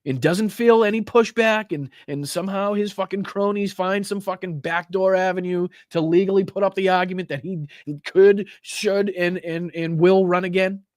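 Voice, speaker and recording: A man's voice: sits high, steady tone, normal speed, few pauses, no room sound, clean studio sound. A man ranting on a political live stream, swearing heavily, stressing words and tagging lines with "right?". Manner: heavy swearing, emphatic, repeats 'right?'.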